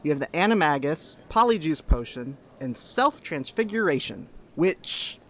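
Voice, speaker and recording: Podcast host, mid pitch, earnest rambling delivery. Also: animated, moderate pace. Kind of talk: casual chat.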